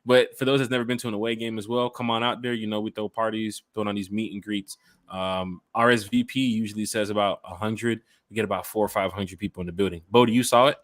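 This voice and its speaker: A man's voice: on the low side, fairly even intonation, fast talker, no echo. A man hosting a casual fan podcast, talking straight to listeners in a loose, upbeat, slangy way. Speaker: podcast host and fan club organizer. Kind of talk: casual chat.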